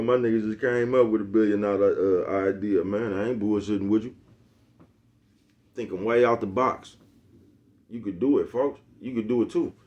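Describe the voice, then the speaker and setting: 40s guy on his channel rambling a streetwise pep talk, keeps repeating himself, medium pitch. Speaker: YouTube host. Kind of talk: casual motivational monologue.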